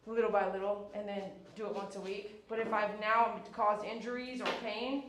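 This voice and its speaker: A woman's voice: medium pitch, level tone, moderate pace, a bit bright. A woman dog groomer giving a chatty, instructive grooming tutorial and sometimes cooing to the dog she works on. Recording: echoey room, faint background noise.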